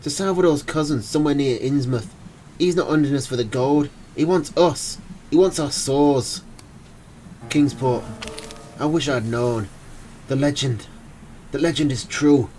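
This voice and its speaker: A man's voice: medium pitch, a little slow, pauses often, warm tone, slight background noise, natural voice, low-quality recording. A man putting on a breathless Irish immigrant. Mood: anguished pleading. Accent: put-on Irish. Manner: breathless, pleading. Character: desperate young Irish immigrant man, guilt-ridden.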